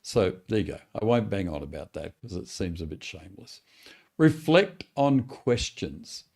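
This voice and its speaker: A man's voice: lowish voice, big pitch swings, moderate pace, creaky, a little mellow. A man coaching pastors in a webinar, talking in an encouraging, conversational way. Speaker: church growth coach. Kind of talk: teaching webinar talk.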